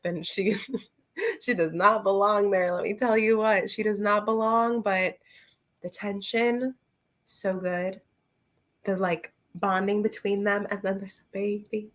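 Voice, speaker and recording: Unhurried chatty woman reviewing books. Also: mid-range voice, fairly even intonation. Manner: rambling, chatty, full of fillers and asides; talks to her viewers and a friend directly. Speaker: book reviewer. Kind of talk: casual book review chat.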